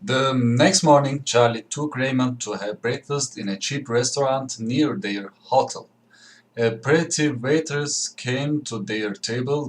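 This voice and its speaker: A man reading a graded story aloud in a careful, deliberate way. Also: mid-range voice, rough recording. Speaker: narrator.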